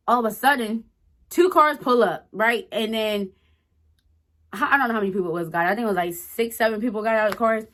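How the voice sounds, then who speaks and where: A woman's voice: mid-range voice, fairly bright tone. A woman in her twenties telling a personal story to her viewers in a blunt, profane, emphatic way. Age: 20s. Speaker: storytime vlogger. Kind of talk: casual storytelling to camera.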